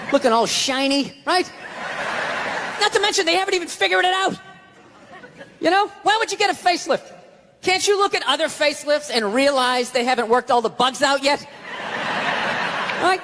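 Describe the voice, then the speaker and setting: A stand-up comedian from the US East Coast delivers a profane, ranting live set and acts out quick bits of other people. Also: male voice, very high voice, background noise. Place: large theater stage before an audience. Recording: live theater with reverb and crowd laughter.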